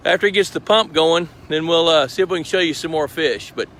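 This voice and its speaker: Bright-voiced man explaining outdoors. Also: on the high side, a little fast, a little hiss or hum. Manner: explanatory, chatty, walking around. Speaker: host. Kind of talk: live-stream walkthrough. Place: outdoors by a lake at a fish truck. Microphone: handheld phone camera.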